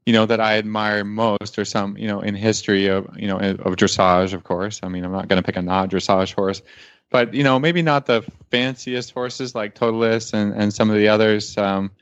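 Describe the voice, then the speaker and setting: A man's voice: lowish voice, steady tone, normal speed, smooth, dry recording, lo-fi sound. A man guesting on a radio show, talking in a rambling, thoughtful way with many fillers. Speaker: guest, dressage show host. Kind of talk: casual radio conversation.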